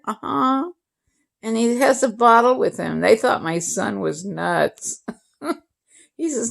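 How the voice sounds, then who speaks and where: A woman's voice: medium pitch, lively intonation, takes it slowly, creaky. A woman in her sixties, a vlogger, chatting casually and telling family stories, laughing often as she goes. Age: 60s. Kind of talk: casual storytelling to camera.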